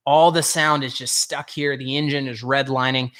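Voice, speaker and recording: Bright-voiced male vocal coach. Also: mid-range voice, fairly even intonation, moderate pace. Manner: patient explaining, speaks to listeners directly, frequent self-corrections. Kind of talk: teaching a singing workshop.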